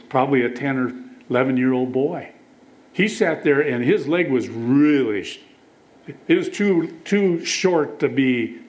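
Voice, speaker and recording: A man's voice: medium pitch, darkish tone, low-quality recording. A man preaching a sermon, telling stories, reading scripture aloud and putting questions to the listeners. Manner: storytelling, quotes scripture, asks the congregation questions.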